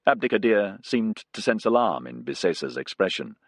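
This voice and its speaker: A man narrating a science fiction audiobook in an expressive reading style. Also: fairly low pitch, moderate pace, no room sound.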